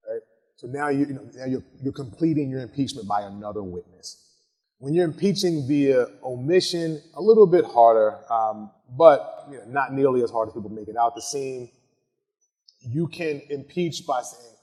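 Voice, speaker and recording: A man's voice: mid-range voice, darkish tone. A man, a criminal defense lawyer, teaching a recorded masterclass in a conversational way, often asking "right?" and restarting sentences. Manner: conversational, tags points with "right?", frequent restarts; reads example lines slowly and dramatically. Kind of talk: recorded legal masterclass lecture.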